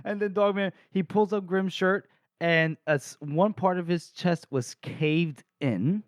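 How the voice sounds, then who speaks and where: A high-pitched man hosts a laid-back book podcast, rambling through a chapter recap with plenty of swearing, frequent laughter and quick rushed asides. The studio-quality recording has no room sound.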